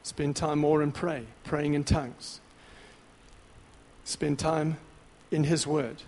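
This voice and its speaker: A man with a notably high voice preaches with punchy, repetitive exhortation. His phrases stack up and swell toward excitement. The sound rings with the long reverb of a big hall. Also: slow. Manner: grows louder and more excited. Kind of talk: sermon.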